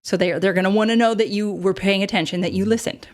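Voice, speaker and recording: A woman's voice: mid-range voice, steady tone, quick pace. A woman in her thirties hosting a casual advice podcast, chatty, with many fillers and frequent laughs. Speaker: podcast host.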